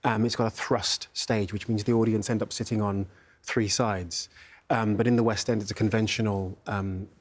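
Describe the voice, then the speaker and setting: A man with a fairly low voice chats easily as an interview guest. He pauses on fillers now and then and keeps a relaxed, friendly flow. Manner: relaxed, chatty, frequent fillers and laughs. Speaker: actor guest. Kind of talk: interview chat.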